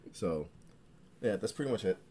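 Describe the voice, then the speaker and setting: A male podcast co-host with a very low voice chats casually in a relaxed but halting way, hesitating and saying um a lot. There's faint background noise.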